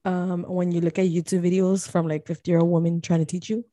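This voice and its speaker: Young woman podcast co-host: slangy, laughing, lower register, dry sound. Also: flat delivery, a little fast, no room sound. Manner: loud, playful, slangy, laughs often. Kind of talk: casual chat.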